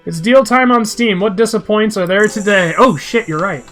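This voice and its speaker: A man streaming a video game for blind viewers, chatting with his audience in an animated way, with laughter and swearing. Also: high voice, normal speed, soft background music. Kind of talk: live let's-play with chat.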